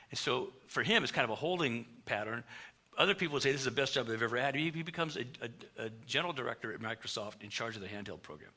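A middle-aged male pastor preaching a storytelling sermon, animated, acting out the dialogue he quotes. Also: medium pitch, gravelly, slightly rough.

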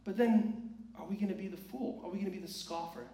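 A man's voice: high voice, fast, mellow. A man preaching a sermon in a church, earnest and emphatic, asking many rhetorical questions. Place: church sanctuary. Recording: echoey church hall, distant mic.

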